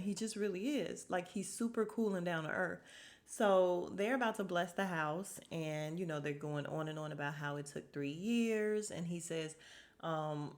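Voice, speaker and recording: A woman with a lowish voice hosts a podcast, casually recapping a reality show. She acts out what people said and drops to a whisper for the sad moments.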